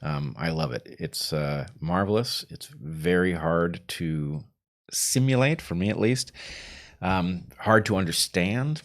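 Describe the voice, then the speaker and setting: Man, very deep voice, wry playful podcast co-host, casual livestream talk. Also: slow.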